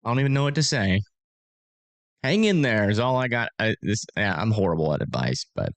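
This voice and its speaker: A man's voice: fairly low pitch, sing-song, fairly quick, no room sound. A man in his thirties hosting a casual livestream, chatty and self-deprecating as he talks to viewers. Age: 30s. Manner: chatty, reads donations aloud, self-deprecating. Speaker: storm-chasing livestream host.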